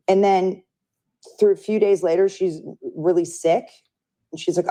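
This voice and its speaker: A woman's voice: on the low side, steady tone, fairly quick, mellow. A woman telling a personal story in a casual interview, chatty and full of fillers. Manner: chatty, filler-heavy, acts out quoted voices. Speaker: friend recounting events.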